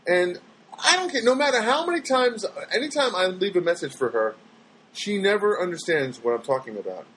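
Exasperated, rambling man with lively pitch. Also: fairly quick, slightly rough, poor audio. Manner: rambling, exasperated, many restarts; mimics other people's voices in quotes. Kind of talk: casual storytelling monologue.

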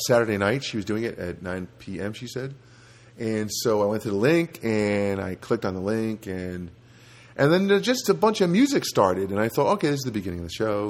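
Man through a filtered rambling comic voice. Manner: rambling, self-interrupting, lively swings in pitch. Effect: software voice filter. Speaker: podcast host and comedian. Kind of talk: rambling comedic monologue. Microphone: home recording setup.

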